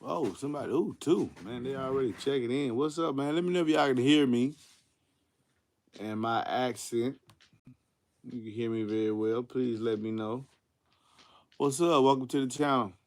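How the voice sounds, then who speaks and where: A man hosting his own live stream, easygoing and chatty as he calls out viewers by name. His voice sits at an ordinary pitch with a gravelly edge. He talks in relaxed slang. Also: normal speed, pauses often. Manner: greets viewers by name, laid-back slang. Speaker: host of a live car audio Q&A stream. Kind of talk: casual livestream chat.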